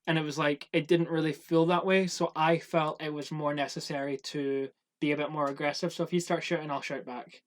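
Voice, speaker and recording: A man's voice: fairly high pitch, fairly quick, few pauses. A young man, casually telling work stories on a podcast, acting out quotes and swearing freely. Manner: animated storyteller, acts out quotes, swears. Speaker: podcast co-host. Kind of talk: casual chat, storytelling.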